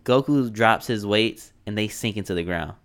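A man with a somewhat low voice talks in a casual, slangy way. He is blunt and swears freely. He laughs often as he chats. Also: moderate pace, a bit bright. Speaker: podcast co-host. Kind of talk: casual chat.

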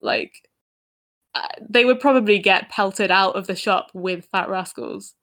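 A woman with a medium-pitched, fairly bright voice co-hosts a casual podcast, speaking a little slowly. She's chatty and giggly and laughs often.

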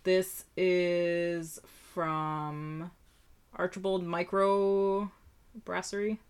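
Wry, quick-talking woman co-host. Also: fairly low pitch, level tone, smooth. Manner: quick, wry asides, swears. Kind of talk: casual chat.

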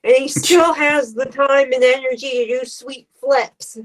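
A woman's voice: sits high, steady tone. A woman co-hosting a podcast, chatting casually about an anime with lots of fillers. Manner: laid-back, drawn-out remarks full of fillers. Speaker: podcast co-host. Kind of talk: casual recap chat.

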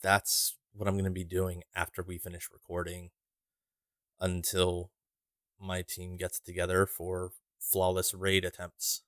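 A man's voice: sits low, completely flat delivery, unhurried, a bit bright, no room sound, studio quality. A man co-hosting a podcast in casual chat, rambling and wry, swearing now and then. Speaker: podcast co-host.

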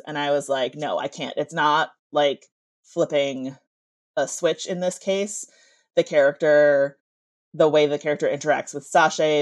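Woman author, low voice, slight lisp, dry close recording, chatty storyteller. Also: no room sound. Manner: animated storyteller, quick asides. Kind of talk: casual podcast chat.

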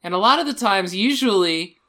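A man guesting on a podcast, chatting loosely and laughing as he tells stories. His voice is bright and the pitch swings a lot. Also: fairly quick. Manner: laughing, animated storytelling. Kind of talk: casual podcast chat.

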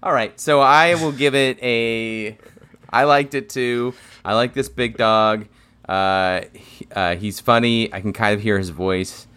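A man's voice: lowish voice, measured pace, sharp tone, smooth. A man co-hosting a casual podcast in a dry, teasing way, laughing often. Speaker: podcast co-host. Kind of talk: casual chat.

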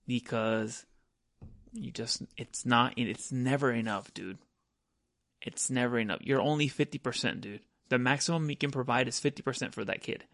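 A man's voice: mid-range voice, moderate pace, creaky, fairly bright tone, no room sound, clean studio sound. A man in casual podcast chat, blunt and profane, ending almost every phrase with "dude".

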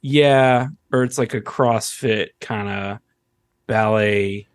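A man's voice: fairly low pitch, slow pace, smooth, no room sound, clean studio sound. A man co-hosting a podcast who thinks aloud in a hesitant, casual way. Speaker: podcast co-host. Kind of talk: casual chat.

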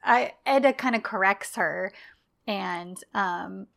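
A woman's voice: medium pitch, slow, gravelly, a bit bright. Storytelling woman co-host. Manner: storytelling, narrates plot with quoted lines. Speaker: podcast co-host. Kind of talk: casual recap chat.

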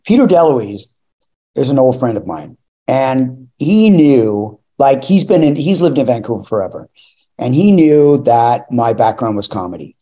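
A man who is an actor and a guest on an interview, telling animated, rambling anecdotes with laughter and restarts. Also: mid-range voice, normal speed. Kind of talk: interview storytelling.

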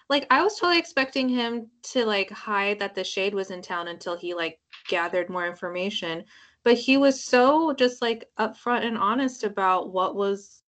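A woman's voice: on the high side, a bit bright. A woman co-hosting a podcast, talking casually and chattily with lots of filler words. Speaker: podcast co-host. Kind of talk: casual chat.

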